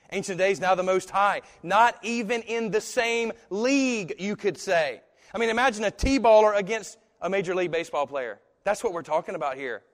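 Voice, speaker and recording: A man preaching a sermon as pastor, talking in a conversational, animated storytelling way with asides. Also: sits high, moderate pace. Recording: echoey hall.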